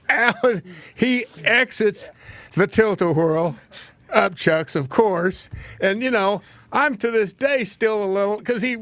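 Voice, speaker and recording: A man's voice: high voice, unhurried, fairly bright tone, slight background noise. Folksy older man spinning a yarn. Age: 70s. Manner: rambling, folksy, laughs at his own tales. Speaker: host. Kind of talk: casual storytelling on a talk show.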